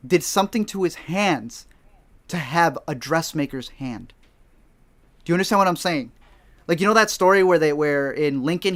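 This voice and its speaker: A man co-hosting a podcast, telling an animated, slangy story and acting out the dialogue in it. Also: on the high side. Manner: excitable, slangy, acts out dialogue in his stories. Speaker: podcast co-host. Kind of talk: casual chat, animated storytelling.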